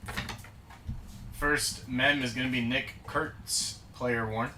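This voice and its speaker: A man's voice: medium pitch, steady tone, slow, pushed and bright. A man hosting a live card break, losing his voice, calling out player names and card types in short bursts. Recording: roomy, distant mic, noisy.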